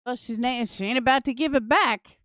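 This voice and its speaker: Woman, sarcastic commentary host, heavy swearing, smooth voice, dry sound. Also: a little high, a little fast, a bit bright, no room sound. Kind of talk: profane commentary on clips.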